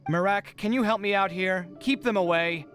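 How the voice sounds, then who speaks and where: A man's voice: high voice, moderate pace, fairly bright tone. An actor playing a weary, put-upon young male architect in a video game, given to sighs and exasperated complaints. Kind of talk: game dub voice acting. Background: faint game music.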